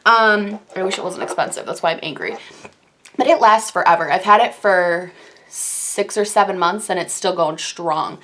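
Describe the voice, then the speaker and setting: A young woman casually reviewing the makeup she loves, gushing in quick, animated bursts of enthusiasm. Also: fairly low pitch. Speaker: beauty YouTuber.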